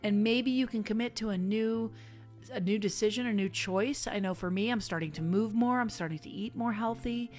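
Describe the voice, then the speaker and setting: A woman leading a relaxed online sermon, talking to her flock like friends. Her voice sits at an ordinary pitch and turns fervent when she urges them on. Faint music plays behind her. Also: moderate pace. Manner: warm, chatty, with bursts of fervent exhortation. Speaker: spiritual minister.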